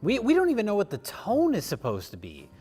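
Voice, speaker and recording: A man co-hosting a casual movie review podcast, sounding bemused and expressive. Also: high-pitched, fairly quick, breathy edge, faint music behind. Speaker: podcast co-host.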